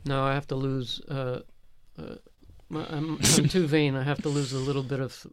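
A man's voice: mid-range voice, little pitch movement, moderate pace. A man who produces a comedy podcast, chatting in a hesitant, self-conscious way. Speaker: show producer. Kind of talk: casual podcast chat.

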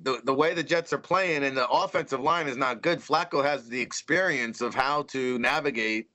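Sports talk co-host, a man with a bright, forceful voice and punchy, opinionated delivery. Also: mid-range voice, normal speed.

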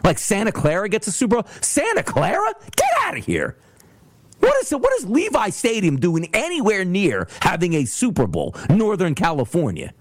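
A man hosting a solo sports talk show, ranting in an animated way and slipping into mocking voices. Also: sits high, a little fast, few pauses, no echo. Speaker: sports podcast host.

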